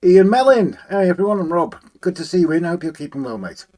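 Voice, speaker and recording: A man's voice: sits high, very animated, fast. Guy on a live stream, reading out chat and saying hi to everyone, hums little tunes while he tinkers. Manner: chatty, greets viewers warmly by name, hums to himself while working. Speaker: livestream host. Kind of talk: casual live chat, reading out viewer comments.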